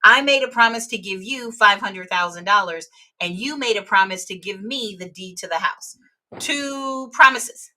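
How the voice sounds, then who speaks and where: A woman's voice: medium pitch, normal speed, hardly any pauses, pushed and bright. A woman teaching real estate exam vocabulary in a live webinar, explaining terms with everyday examples.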